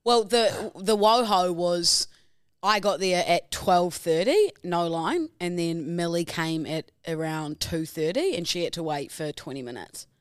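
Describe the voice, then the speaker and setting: A young woman co-hosting a podcast, chatty and teasing, quick to laugh. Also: on the low side, expressive, clean tone, dry recording, clean studio sound. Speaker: podcast co-host. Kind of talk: casual chat.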